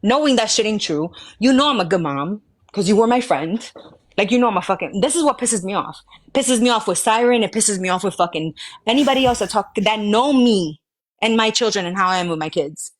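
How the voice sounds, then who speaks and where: A woman's voice: medium pitch, animated, brisk. A woman in a heated live argument, confrontational and taunting with constant swearing. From Georgia, US. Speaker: live stream participant.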